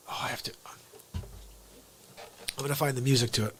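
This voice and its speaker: A man's voice: medium pitch, steady tone, fairly quick, a bit bright. A man hosting a live comedy stream, joking energetically and talking to his chat viewers.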